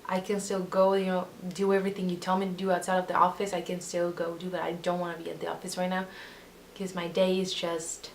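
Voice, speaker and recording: A woman's voice: lowish voice, monotone, fairly quick, slight background noise. A young woman telling a casual storytime vlog, rambling with lots of fillers. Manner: rambling, filler-heavy, full of "like". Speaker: vlogger.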